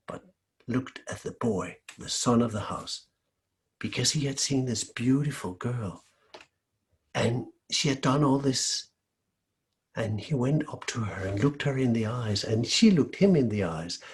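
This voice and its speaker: A man from Denmark telling a folk tale aloud in a lively, expressive way. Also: mid-range voice. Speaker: storyteller. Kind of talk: oral folk-tale storytelling.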